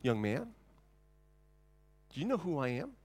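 A man's voice: a little high, big pitch swings, unhurried, darkish tone, slightly rough, exaggerated voice. A man doing an indignant little old lady. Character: fussy old woman, indignant.

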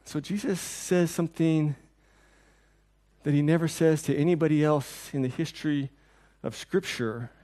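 At a normal speed, a middle-aged man preaches a sermon conversationally and loosely, his voice slightly higher than most men's. He animates the people he quotes, acting them out, before dropping to a soft, quiet delivery for the tender parts.

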